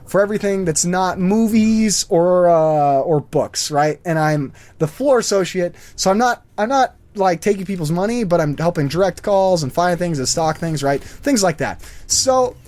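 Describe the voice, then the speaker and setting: A man's voice: high-pitched, animated, moderate pace, few pauses, a little mellow, no echo. A man hosting a gaming channel, rambling through a story with lots of fillers while he plays. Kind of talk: casual commentary over gameplay.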